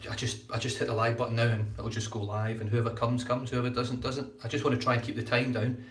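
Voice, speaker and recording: A man's voice: medium pitch, little pitch movement, fast talker, hardly any pauses, distant mic, soft background music. A man hosting a casual live-stream shaving chat, rambling and repeating his words as he talks. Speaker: shaving channel host. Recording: echoey room.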